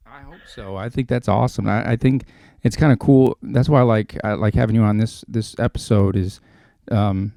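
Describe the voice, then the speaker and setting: Low-voiced podcast host, dry sound. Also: male voice, steady tone, normal speed, creaky, mellow, dry recording. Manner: rambling, restarts often. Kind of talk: casual chat.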